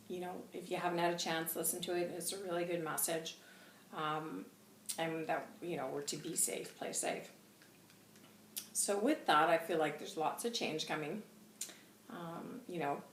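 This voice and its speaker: A woman's voice: lowish voice, a bit bright. A woman hosting a channelling show, chatting casually in a rambling way while chewing gum, her throat dry and sore. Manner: chatty, rambling, self-deprecating. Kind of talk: casual spiritual reading chat. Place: room at home by a window. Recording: roomy, distant mic with faint noise.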